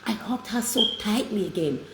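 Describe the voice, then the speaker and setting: An animated woman with a mid-range voice hosts an inspirational talk at a moderate pace. She tells stories with warm, emphatic, heartfelt feeling. Her recording has echo and light room noise.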